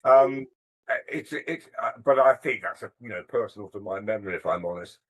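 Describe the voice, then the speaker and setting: Here a lowish-voiced older man, a musician, speaks briskly while recounting stories in a relaxed interview. He comes across as reflective, halting and modest about himself. The recording is rough, with slight background noise.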